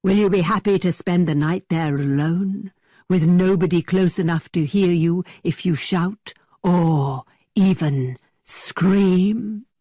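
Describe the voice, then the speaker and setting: A woman voicing a teasing young man who tells spooky tales in a dramatically low voice. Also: takes it slowly, no echo, studio quality. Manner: dramatically low, hushed storytelling.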